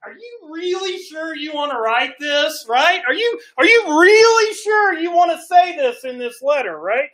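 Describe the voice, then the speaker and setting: A man's voice: very high-pitched, very animated, unhurried, hardly any pauses, a bit bright, voice pushed up, exaggerated voice. A male pastor acting out a frantic scribe who pleads in a whiny, raised voice. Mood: pleading.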